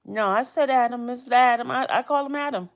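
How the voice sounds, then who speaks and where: A woman's voice: a little high, fairly quick. A woman hosting a casual live stream, chatting in a rambling way and often repeating phrases.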